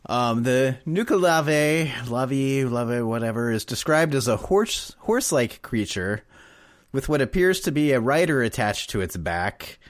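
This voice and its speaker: A man's voice: mid-range voice, sing-song, moderate pace, no echo. Podcast co-host, male, rambly and giggly, dead-dry close mic. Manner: rambling, laughs often, trails off. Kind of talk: casual chat.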